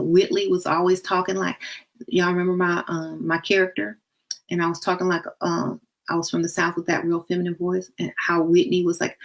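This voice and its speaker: This creaky-voiced woman hosts a relaxed advice chat about dating and self-worth. She's colloquial, blunt, and teasing, sometimes putting on a higher, sweeter tone to show how it should be done.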